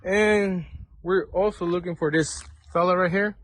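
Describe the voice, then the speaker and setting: Man mechanic, fairly high voice, informal how-to vlog walk-through, plain spoken. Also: fairly even intonation, measured pace, dry recording. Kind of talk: casual how-to repair vlog.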